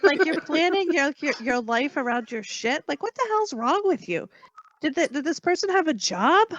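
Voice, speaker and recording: A woman's voice: sits high, big pitch swings, normal speed, a bit bright, highs cut off. A woman on a podcast, reacting with incredulous disgust in casual chat. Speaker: podcast co-host.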